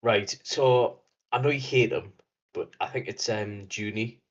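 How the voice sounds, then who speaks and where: A man's voice: lowish voice, measured pace, dull audio. A man co-hosting a podcast in casual chat, laid-back with dry quips. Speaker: podcast co-host.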